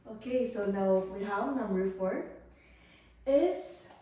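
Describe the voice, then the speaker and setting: A young woman, a student teacher giving a demo English lesson, explaining slowly and praising pupils. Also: medium pitch, animated, mellow. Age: young adult. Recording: echoey room, voice far from the mic.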